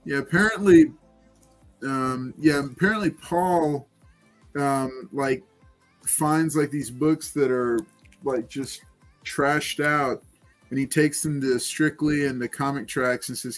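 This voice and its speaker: A man's voice: mid-range voice, slow pace, soft background music. A man hosting a casual livestream chat and giveaway, talking loosely with many fillers. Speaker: livestream host running giveaways.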